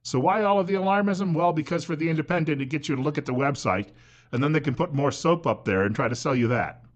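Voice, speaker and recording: A man's voice: fairly high pitch, fast, highs cut off. A middle-aged man hosting a talk radio show, delivering a sarcastic, mocking opinion monologue with chuckling asides. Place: radio studio.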